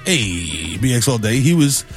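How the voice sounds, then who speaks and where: A man, hosting morning radio and riffing in animated banter. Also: mid-range voice, a little slow, soft background music. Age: 40s. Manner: animated, riffing, lots of "you know what I'm saying". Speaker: radio host. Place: radio studio.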